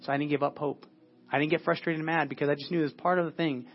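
A man preaching a sermon at a church service in an earnest way, often dropping to a hushed, prayerful tone. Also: fairly high pitch, fairly even intonation, racing, muffled recording. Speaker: pastor.

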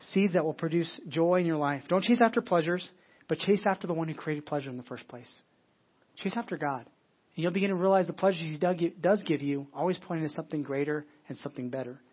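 Pastor, male, fairly high husky voice, muffled lo-fi church recording. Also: fast. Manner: preachy, repeats words and restarts often. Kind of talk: sermon. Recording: dull lo-fi sermon audio.

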